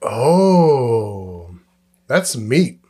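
A man chatting on a podcast with a lively, swooping pitch. He talks casually, laughs often and slips into little acted-out voices. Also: extremely slow, husky. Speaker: podcast co-host. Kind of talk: casual chat.

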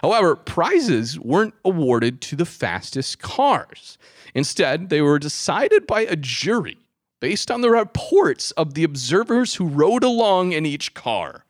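A man's voice: a little high, measured pace, no echo, clean studio sound. A man co-hosting a casual podcast chat, telling a history story with frequent laughter. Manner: animated, laughs often, hams up a mock French accent. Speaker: podcast co-host.

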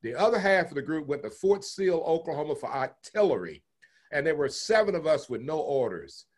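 An older man from Texas recounts his past at length in an interview. His voice sits a bit higher than most men's. He chuckles and slips into the voices of the people he remembers. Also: a little fast. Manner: animated storyteller, chuckles, acts out quoted voices. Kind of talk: oral history storytelling.

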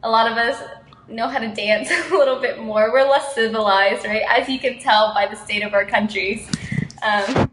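A woman's voice: on the high side, normal speed, echoey room, background noise. A young woman from Houston, Texas, chatting casually and frankly with a friend and laughing often. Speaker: friend in conversation. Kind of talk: casual chat.

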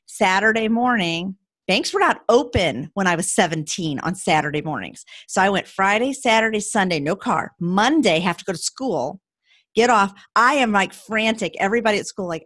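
A woman's voice: mid-range voice, moderate pace, no echo. A woman in her forties hosts a casual podcast conversation. She tells stories with energy and acts out the quotes. The recording is dry and close. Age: 40s. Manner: animated storyteller, acts out quotes with laughs. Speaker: podcast host. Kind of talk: casual storytelling in an interview.

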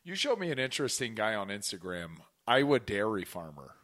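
Animated rambling man podcasting. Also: on the low side, fairly quick. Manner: animated, rambling, swears casually. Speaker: podcast host. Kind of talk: casual chat.

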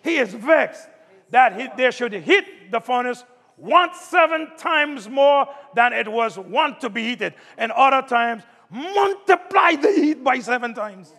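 A man preaching a sermon, calling out to the congregation and building up to shouts. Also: extremely high pitch, expressive, a little slow. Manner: call-and-response preaching, rising to shouts. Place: church sanctuary. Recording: long hall reverb.

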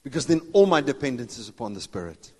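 Jokey preacher in a reverberant hall. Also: male voice, mid-range voice, very animated, fast talker, breathy edge. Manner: jokey, laughs often, acts out Bible dialogue in voices. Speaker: pastor. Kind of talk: sermon. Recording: long reverb of a large hall.

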